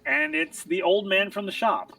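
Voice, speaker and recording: A man's voice: high voice, expressive, normal speed, vocal fry, sharp tone, distant mic. A man narrating a tabletop game as game master, chatty and breaking into laughter often.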